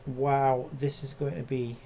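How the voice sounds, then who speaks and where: A content creator talking casually while working at a computer, muttering and swearing at the software in exasperation. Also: mid-range voice, little pitch movement, a little slow, a little hiss or hum.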